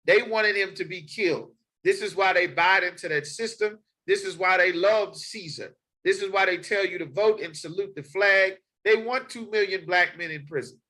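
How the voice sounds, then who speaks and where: Male preacher, bright high voice, insistent and repetitive, reads verses between points. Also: normal speed, hardly any pauses, rough recording. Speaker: street preacher. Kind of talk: sermon with scripture reading.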